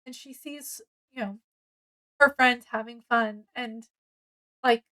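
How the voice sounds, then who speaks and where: A woman's voice: a little high, slow, low-quality recording. A woman casually reviewing a book, retelling its plot in a rambling way with many ums and self-corrections. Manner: acts out characters' lines with excitement.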